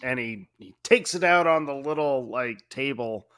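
A man's voice: mid-range voice, normal speed, a bit bright, clear, resonant tone. A man co-hosting a casual movie podcast, recapping scenes with frequent laughter. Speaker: podcast co-host.

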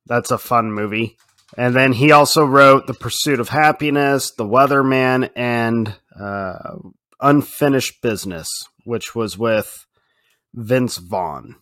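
Slow-talking laid-back male podcast host. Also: medium pitch, dry recording, clean studio sound. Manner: relaxed, drawn-out, laughs easily. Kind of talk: casual chat.

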